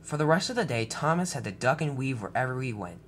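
An amateur storyteller narrating a toy-train story in a plain, hurried way, with slips and restarts. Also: mid-range voice, big pitch swings, slight background noise.

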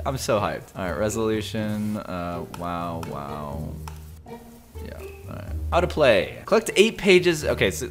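Jumpy young man calling a horror game. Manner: jumpy, yelps and shouts at scares, then mutters low. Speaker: gaming video host. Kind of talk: excited gameplay commentary.

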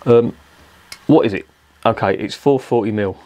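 A man with a slightly low voice. He swears constantly and rambles, talking in an exasperated ranting way. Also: normal speed, dark tone. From England. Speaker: beer reviewer. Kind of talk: casual profane rant.

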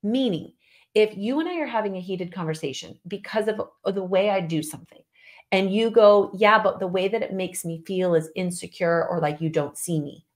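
A woman's voice: mid-range voice, moderate pace. A woman co-hosting a podcast, talking casually and emphatically with her husband, laughing often. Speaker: podcast co-host. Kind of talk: casual conversation with spouse.

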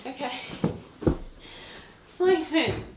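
A woman with a very high, lively voice speaks calmly and skeptically, trying to settle someone down. She is heard in an echoey room. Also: drawn-out words, slight background noise. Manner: calm, skeptical, soothing. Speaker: wife being pranked. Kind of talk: casual conversation at home.

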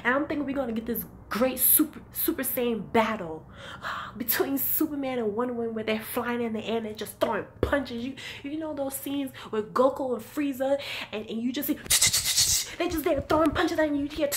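Excitable, swearing woman reviewing a film. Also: high voice, normal speed, a little hiss or hum. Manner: excitable, profane, exclaims and acts out scenes. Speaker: movie reviewer. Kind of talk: casual spoken review.

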